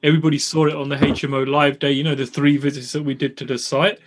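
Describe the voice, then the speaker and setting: Animated man telling a story. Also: fairly high pitch, fast. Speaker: property developer guest. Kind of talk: casual podcast chat.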